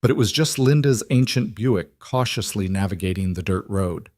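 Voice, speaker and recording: Man with a low narrating voice. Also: normal speed, a little mellow, no echo, clean studio sound. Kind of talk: scripted story narration.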